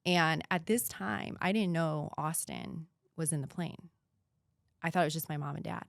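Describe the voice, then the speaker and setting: A woman in her thirties talks through a painful personal story as a podcast guest. Her voice sits low, and she speaks earnestly, sometimes dropping to a hushed whisper. The recording is dry and close. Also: moderate pace, gravelly, no echo.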